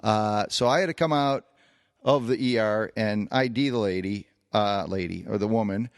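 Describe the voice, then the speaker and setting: A man's voice: lowish voice, normal speed, smooth, no room sound, studio quality. A man co-hosting a podcast, recounting a long personal anecdote in a casual storytelling way, with plenty of fillers and restarts. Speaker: podcast co-host.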